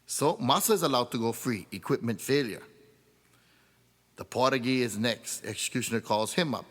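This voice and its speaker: A man's voice: mid-range voice, normal speed, a bit bright, long reverb tail. A man doing stand-up, telling jokes in a pidgin-flavored storytelling voice. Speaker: comedian. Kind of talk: stand-up joke telling with sung refrains.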